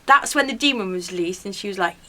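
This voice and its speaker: A woman, telling a personal story in a casual, animated way and hushing her voice for quotes. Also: medium pitch, fast.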